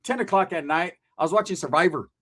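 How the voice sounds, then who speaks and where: A man with a notably high-pitched voice tells a story in rough street slang. He is animated and swears constantly, and he chuckles at his own jokes as he goes. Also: fast talker, a little hiss or hum. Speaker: storyteller, ex-convict. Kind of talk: casual profane storytelling.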